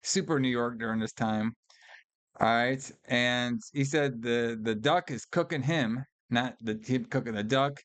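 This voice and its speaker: A man's voice: mid-range voice, a little slow, fairly bright tone, no echo. A man co-hosting a casual film review podcast, talking loosely with plenty of swearing and laughter. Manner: loose, profane, laughs often, fond of "all right" and "brother". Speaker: podcast co-host.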